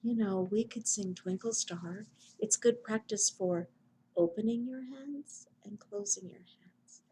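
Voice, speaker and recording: Lady librarian doing baby storytime, slow and soft, kinda high voice, faint hiss behind. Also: poor audio. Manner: gentle, slow sing-song reading to babies. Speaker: children's librarian. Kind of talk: baby storytime reading and singing.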